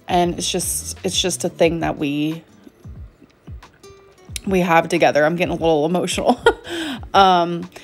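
A woman in her thirties talks to her vlog audience from home in a relaxed, rambling way, dotting her sentences with fillers. She speaks very slowly in a slightly low voice. Soft music plays faintly underneath. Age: 30s. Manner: unhurried, chatty, many fillers like "um" and "like". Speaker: vlogger. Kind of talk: casual vlog chat.

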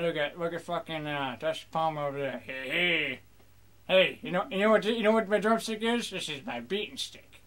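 A young man rambling crudely through casual gameplay commentary, joking in a mock pirate voice. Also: high-pitched. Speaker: gamer.

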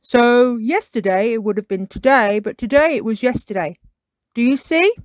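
A woman's voice: a little high, moderate pace, no room sound, studio quality, pitched above the performer's own voice, lightly acted. A woman voicing a patient young male friend who explains things earnestly.

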